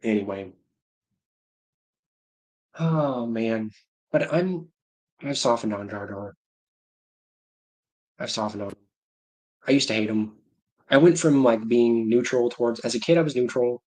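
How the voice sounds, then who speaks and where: A man's voice: medium pitch, measured pace, long pauses, a little mellow. A man in his thirties hosting a livestream, rambling in casual chat, breaking off mid-sentence and chuckling at his own stories. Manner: rambling, self-interrupting, laughing to himself. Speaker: livestream host.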